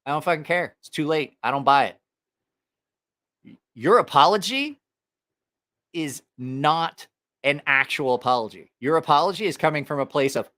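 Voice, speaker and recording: Lively, angry, cursing man. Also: a little high, normal speed, pauses often. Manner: angry, profane ranting. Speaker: knife channel host. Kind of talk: heated opinion rant to camera.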